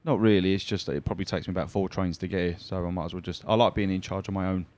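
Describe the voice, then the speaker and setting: A man's voice: low voice, steady tone, very fast, darkish tone. A man who drives a cab, chatting casually on a podcast and telling cheeky stories, putting on voices for the people in them. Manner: cheeky storytelling with put-on quoted voices. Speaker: cab driver and online comedian, guest.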